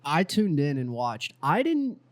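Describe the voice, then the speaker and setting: A man's voice: fairly high pitch, big pitch swings, unhurried. A man co-hosting a podcast, chatting casually and musing at length. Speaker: podcast co-host. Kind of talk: casual chat.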